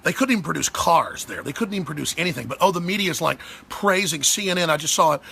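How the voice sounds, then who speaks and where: A man with a heavily gravelly, husky voice that sits fairly high and pushes hard and tense. He rants as a talk show host, sarcastic and heated, lurching between fast bursts and drawn-out words. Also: expressive, bright, forceful tone. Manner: heated and sarcastic, swings pitch and pace. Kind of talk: angry political rant.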